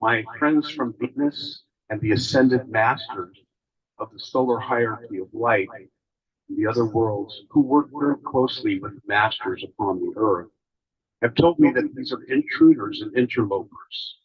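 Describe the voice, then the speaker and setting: Halting, emotional man giving a spiritual talk. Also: lowish voice, husky, muffled recording. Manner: emotional, halting, with long pauses. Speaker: speaker.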